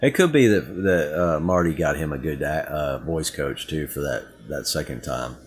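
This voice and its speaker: A middle-aged man with a Southern US accent chats casually as a podcast co-host. His voice sits very low and sounds husky. He tells rambling, lively stories packed with asides. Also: moderate pace. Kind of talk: casual chat.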